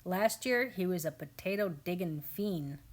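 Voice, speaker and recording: A woman in her thirties, a family homestead vlogger, narrates a home garden video with a lowish, animated voice at a moderate pace. She's casual, amused and chatty, and often quotes her family.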